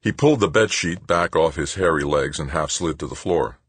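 Very deep husky man narrating. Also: normal speed, dry recording. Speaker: audiobook narrator. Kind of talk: scripted narration.

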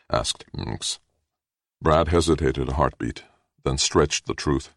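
A man narrating a story in a steady, measured reading. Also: very deep voice, vocal fry, no echo, clean studio sound. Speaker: audiobook narrator. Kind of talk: scripted narration.

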